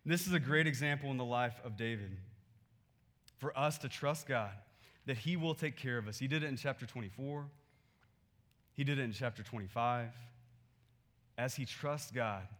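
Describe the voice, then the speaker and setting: A man's voice: medium pitch, fairly bright tone. A man preaching a sermon in a conversational way, asking his listeners rhetorical questions. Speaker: pastor.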